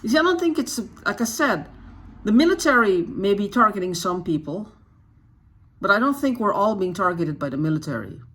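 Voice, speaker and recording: This is a husky, slightly rough voice in an unscripted vlog monologue, pitched in the middle of the range. The speaker sounds agitated and keeps firing off rhetorical questions. Sentences often stall and restart, and key phrases get said twice for emphasis. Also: big pitch swings, brisk, a bit bright. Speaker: YouTube channel host.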